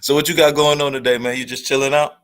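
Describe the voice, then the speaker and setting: A man's voice: medium pitch, little pitch movement, fast talker, a bit bright, smooth. A man from the US, hosting a casual chat and asking laid-back questions. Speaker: host.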